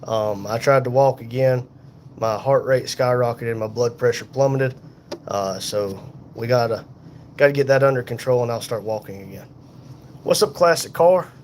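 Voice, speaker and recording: A man in pain and tired, hosting a casual livestream from a hospital room on a phone, reading viewer comments aloud in an unhurried, folksy way. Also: mid-range voice, a little hiss or hum. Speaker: livestream host reading chat. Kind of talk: casual live chat.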